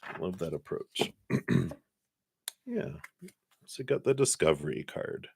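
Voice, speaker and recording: Man, tarot reader, low voice, dry close mic, chatty, laughs a lot. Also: sing-song, slow pace, creaky, pauses often, a little mellow, breathy edge, no echo. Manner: chatty, laughs often, trails off with fillers. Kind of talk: live-streamed tarot reading.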